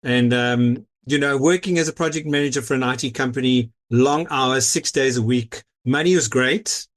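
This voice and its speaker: A man's voice: mid-range voice, moderate pace. A middle-aged man with a South African accent, a guest in an interview, telling his story in an easygoing way with frequent "you know"s. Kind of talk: casual interview over a call.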